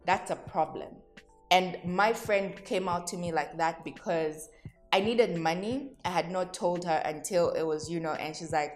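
A woman's voice: fairly low pitch, a little slow, soft background music. A woman hosting a solo podcast, speaking candidly and reflectively to her listeners, addressing them directly and laughing at herself. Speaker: podcast host.

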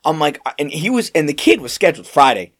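A young man co-hosting a podcast, telling work stories in a rambling, animated way with lots of fillers and restarts. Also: on the high side, fast talker. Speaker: podcast co-host. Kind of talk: casual storytelling chat.

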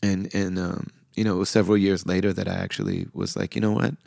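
Deep, gravelly-voiced man telling a heartfelt story. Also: little pitch movement, fast, dry recording, studio quality. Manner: soft-spoken, heartfelt, with frequent fillers and quoted dialogue. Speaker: podcast host. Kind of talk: reflective personal storytelling.

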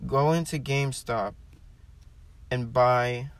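A man's voice: mid-range voice, slow pace, no echo, lightly acted. A man doing a pushy phone scammer. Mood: officious. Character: pushy male phone scammer posing as tax official. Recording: distant mic, faint background noise.

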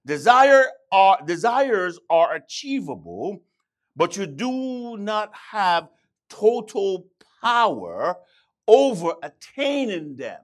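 A man's voice: high voice, big pitch swings, takes it slowly. A man preaching a sermon, emphatic and repeating key phrases, with stammering restarts. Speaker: pastor.

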